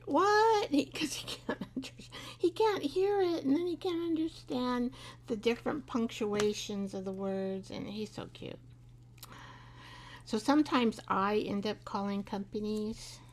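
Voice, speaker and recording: Slow, gravelly-voiced chatty woman. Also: medium pitch, darkish tone, slight background noise. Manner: chatty, rambling, laughs often, talks to her craft. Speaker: craft show host. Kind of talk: live craft tutorial chat.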